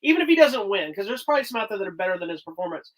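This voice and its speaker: A man's voice: high-pitched, very animated, very fast, poor audio. A man co-hosting a podcast as a film critic, chatting eagerly about his favorite movies of the year. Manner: enthusiastic, hesitant fillers and restarts. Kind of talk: casual movie review chat.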